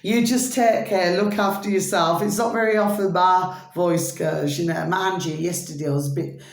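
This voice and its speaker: Brummie lady vlogging late, voice going hoarse, chatty and rambly, calls everyone babies, roomy echo. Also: fairly low pitch, fairly even intonation, normal speed. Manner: rambling and affectionate, calls listeners babies, keeps asking "do you see what I mean". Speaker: spiritual vlogger. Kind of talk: rambling evening vlog chat. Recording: echoey room.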